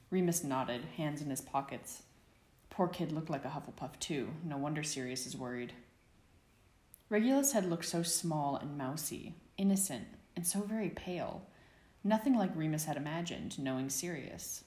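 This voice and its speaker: A woman narrating a fan fiction story aloud in an even storytelling manner. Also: low voice, normal speed. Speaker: audiobook narrator. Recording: echoey room.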